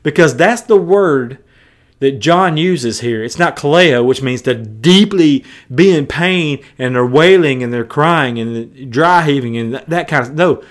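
A man preaching a sermon in a fairly high voice, leaning hard on his points. He talks conversationally, slipping casual asides between passages of scripture. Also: animated, measured pace. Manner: emphatic and conversational, with colloquial asides.

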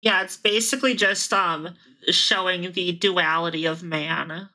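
A woman's voice: lowish voice, steady tone, unhurried, pushed and bright, poor audio. A woman co-hosting a casual podcast, rambling through crude jokes and laughing often. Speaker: podcast co-host. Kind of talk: casual chat.

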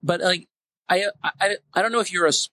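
A man's voice: high-pitched, a little fast, pushed and bright, no echo, low-quality recording. A man being interviewed about his film, speaking with a stutter and lots of "you know" fillers. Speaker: interview guest, filmmaker and writer. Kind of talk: casual interview talk.

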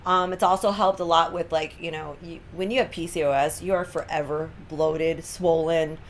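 Slight background noise sits behind a low, fairly even voice moving at a moderate pace. It belongs to a woman in her thirties co-hosting a casual wellness product chat, who tells animated stories with gasps, laughs and impersonated quotes.

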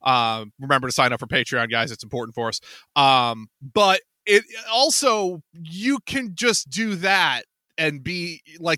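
A man with a raised, bright, animated voice jokes through casual podcast banter, laughing easily. His voice sounds crisp and dry, right up on the mic. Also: a little high, no echo. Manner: lively, jokey, quick to laugh. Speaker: podcast co-host.

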